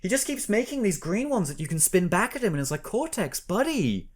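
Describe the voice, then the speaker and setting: A man's voice: sits high, fast, over a noisy crowd. A man co-hosting a podcast, chatting casually and animatedly about an old video game, laughing often. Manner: animated, laughs often, puts on a newscaster voice at times. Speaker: podcast co-host. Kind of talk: casual chat about games.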